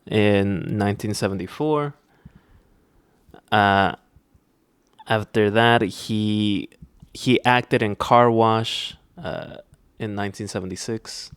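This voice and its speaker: A man's voice: on the low side, takes it slowly, pauses often, clean tone, no echo. A young man hosting a podcast in casual chat, rambling with lots of fillers and restarts. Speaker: podcast host.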